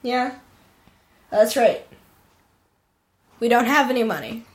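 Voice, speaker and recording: A woman with a high, childlike voice interviewing on a playful podcast, teasing and deadpan. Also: slow pace.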